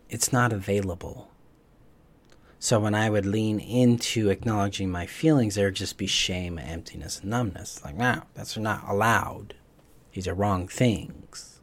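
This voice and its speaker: A man acting as coach and course teacher, explaining ideas gently and reflectively during a live online teaching session, with small restarts as he thinks. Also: on the low side.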